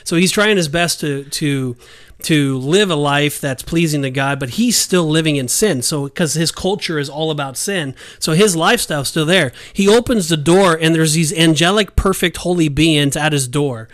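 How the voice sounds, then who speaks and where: A man's voice: fairly high pitch, normal speed, fairly bright tone, no echo, studio quality. A man co-hosting a casual Bible discussion podcast who talks emphatically and acts out the scenes he describes. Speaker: podcast co-host.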